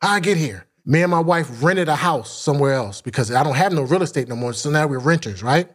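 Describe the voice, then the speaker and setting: Animated Philadelphia man telling his story. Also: on the high side, fast talker. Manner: animated, acts out quoted voices, swears freely. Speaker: podcast guest. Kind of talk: storytelling in an interview.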